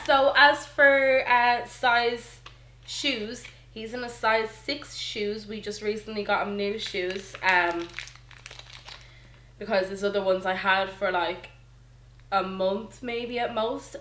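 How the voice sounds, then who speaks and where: Slow-talking young mother. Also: medium pitch. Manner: chatty and relaxed, full of ums and likes. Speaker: mother vlogger. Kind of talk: casual chat to camera. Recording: echoey room.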